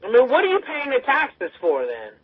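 Female talk radio co-host: husky, high, halting and outraged, dry and muffled lo-fi sound. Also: huge pitch swings. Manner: outraged, halting, searching for words.

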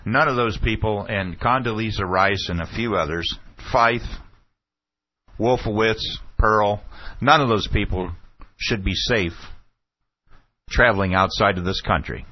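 A man hosting a political talk show, retelling an exchange and commenting on it with growing indignation. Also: low-pitched. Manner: indignant, acts out the quoted exchanges with rising heat. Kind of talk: opinionated commentary retelling an event. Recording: dull, slightly lo-fi dry sound.

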